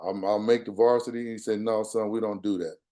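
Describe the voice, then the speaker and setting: Older man, mellow tone, earnest personal storyteller, quotes others as he goes. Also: on the low side, fairly even intonation, a little fast. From Texas. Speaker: guest speaker. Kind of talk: storytelling talk.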